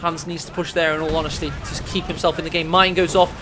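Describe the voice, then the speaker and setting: A man casting a strategy game match, excitable and jokey, his voice rising to shouts at the big plays. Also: a little high, fast talker, soft background music, some chatter behind. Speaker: game caster. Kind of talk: energetic esports commentary.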